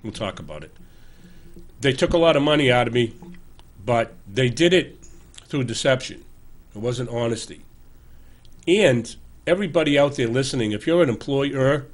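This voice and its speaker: Earnest older man urging listeners. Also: mid-range voice. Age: 60s. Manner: self-correcting, loose and conversational. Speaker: show host. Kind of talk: political commentary monologue.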